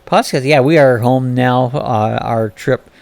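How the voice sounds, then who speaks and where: A man with a gravelly, creaky voice hosts a relaxed live-stream chat, reading out viewers' comments and answering them one by one. He talks at a middle pitch in a loose, chatty way. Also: measured pace. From Florida.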